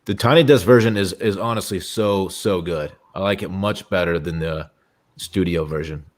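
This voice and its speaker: A man's voice: low-pitched, moderate pace. A man in casual comedic banter, laid-back, tacking "man" onto his lines. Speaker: panelist.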